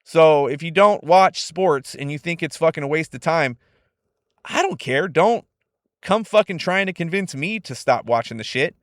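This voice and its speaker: A young man from California hosting a casual solo podcast, laid-back, profane and animated. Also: a little high, moderate pace, no echo, studio quality. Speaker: podcast host.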